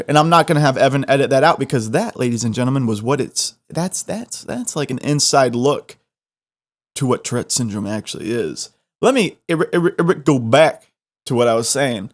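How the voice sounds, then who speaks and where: A man's voice: medium pitch, animated, normal speed. A young man from the Midwest with a faint Southern twang, hosting a podcast in a loose, joking, rambling style full of restarts. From American Midwest. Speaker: podcast host. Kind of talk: casual solo podcast chat.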